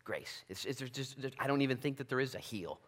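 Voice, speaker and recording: A man preaching a conversational Bible-study sermon as pastor, animated, moving between loud emphasis and quiet asides. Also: mid-range voice, fast talker. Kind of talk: expository sermon. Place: church sanctuary.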